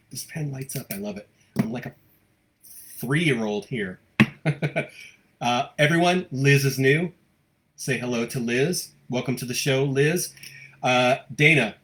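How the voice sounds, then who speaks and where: An American man who hosts a local live show, talking fast and cheerfully as he reads out viewer comments. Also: medium pitch, a bit bright. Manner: fast-talking, upbeat, gushing. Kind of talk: casual live-stream chat, reading viewer comments.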